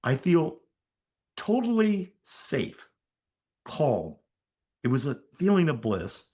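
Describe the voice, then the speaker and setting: An older man, a physician and energy healer, telling a story as a podcast guest in an animated, emphatic way with asides to the listener. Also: fairly high pitch, slow, husky. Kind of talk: conversational storytelling in an interview.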